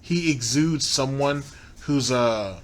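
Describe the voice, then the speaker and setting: A man hosting a commentary show talks with sneering sarcasm and frequent laughs. His pitch sits in a middle range for a man. Faint background noise hums behind him. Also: takes it slowly. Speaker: commentary host. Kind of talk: sarcastic commentary on played clips.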